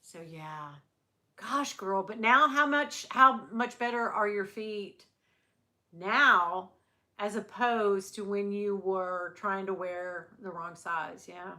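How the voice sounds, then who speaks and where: Bright-voiced chatty woman livestreaming. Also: medium pitch, slow. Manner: chatty, rambling, laughs often. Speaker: livestream host. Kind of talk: casual chat with live viewers.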